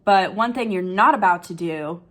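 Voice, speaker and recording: A woman voicing a calm, protective male pirate captain who firmly warns someone off. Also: on the low side, moderate pace, natural voice. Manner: firm, quietly warning.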